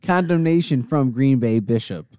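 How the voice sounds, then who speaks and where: A man's voice: medium pitch, lively intonation, moderate pace, mellow, no echo, clean studio sound. A man co-hosting a casual podcast, easygoing and steering the talk back on topic. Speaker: podcast co-host. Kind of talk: casual chat among friends.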